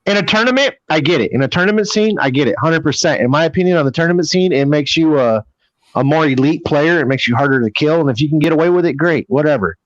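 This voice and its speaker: A man's voice: a little high, quick pace, dry recording, highs cut off. A man in a casual group chat, giving blunt opinions and repeating his points. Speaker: player and guest.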